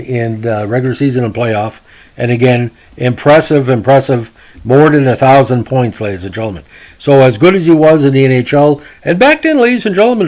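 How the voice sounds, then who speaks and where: A man hosting a hockey history podcast, talking in a folksy, rambling way, often addressing "ladies and gentlemen" and stopping to restart with fillers. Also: medium pitch, poor audio. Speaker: podcast host.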